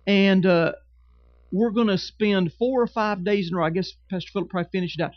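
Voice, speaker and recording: A man's voice: sits high, fairly even intonation, fairly quick, highs cut off. A man preaching a sermon with emphatic, repetitive phrasing and humorous asides. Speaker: pastor.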